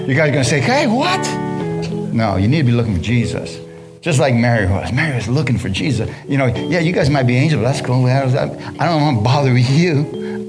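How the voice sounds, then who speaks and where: A man preaching a sermon, reading scripture then breaking into casual, slangy asides and questions to the congregation. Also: medium pitch.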